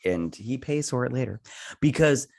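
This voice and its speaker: A man's voice: medium pitch, lively intonation, moderate pace, creaky, a little mellow. A man giving a casual, rambling recap and review of a TV episode, with lots of false starts and fillers. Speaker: TV show reviewer.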